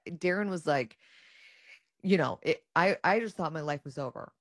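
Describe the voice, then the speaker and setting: Woman guest, low pitch, animated storyteller, dry close mic. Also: moderate pace, no echo. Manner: animated, acts out her own and others' quoted words. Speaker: guest sharing her cancer story. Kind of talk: casual personal storytelling.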